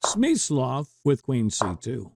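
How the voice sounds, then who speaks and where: A man's voice: mid-range voice, huge pitch swings, slow, creaky, very noisy. A man coaching chess, walking through a classic game move by move with folksy asides and dry little jokes. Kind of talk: narrated chess game lesson.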